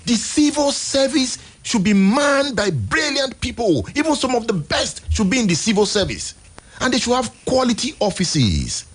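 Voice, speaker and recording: A Nigerian man hosting a radio show, giving emphatic, exasperated commentary in a husky voice. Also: very high-pitched, sing-song, moderate pace, a bit bright. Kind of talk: impassioned on-air commentary. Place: radio studio.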